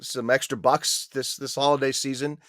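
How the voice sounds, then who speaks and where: A man's voice: medium pitch, little pitch movement, moderate pace, fairly bright tone, no room sound, clean studio sound. A man co-hosting a movie podcast, casual and laid-back, swearing freely. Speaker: podcast co-host. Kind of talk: casual chat.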